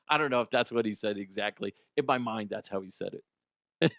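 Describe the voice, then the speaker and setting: A man's voice: on the low side, brisk, creaky, fairly bright tone, dry recording. A middle-aged man hosting a casual sports podcast, joking and swearing freely and laughing often. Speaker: podcast host. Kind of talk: casual solo sports chat.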